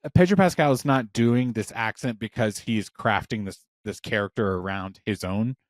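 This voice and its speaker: A man in his thirties co-hosting a podcast in casual chat, rambling and excitable, swearing often, with a parent's warmth about films. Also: fairly low pitch, moderate pace, no echo, studio quality. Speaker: podcast co-host.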